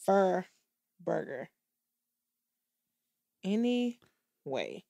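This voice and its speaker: A woman's voice: lowish voice, big pitch swings, drawn-out words, vocal fry, mellow, no room sound, studio quality. A woman co-hosting a casual podcast chat, sounding exasperated and repeatedly saying she is done. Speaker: podcast co-host.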